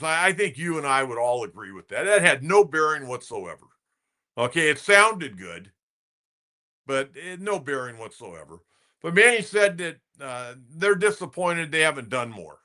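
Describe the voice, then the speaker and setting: Bright-voiced veteran sports talk man. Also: medium pitch. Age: older. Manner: blunt, conversational, repeats himself for emphasis. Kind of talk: casual sports talk podcast monologue.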